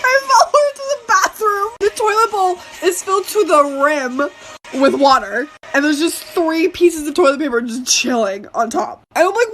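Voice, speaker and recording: A woman telling a casual storytime in an animated, giggly way. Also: extremely high pitch, moderate pace.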